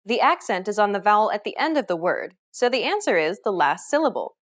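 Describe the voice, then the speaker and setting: A woman teaching a scripted pronunciation lesson, explaining clearly and upbeat, modeling example words. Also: medium pitch, sing-song, fairly quick. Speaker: language teacher.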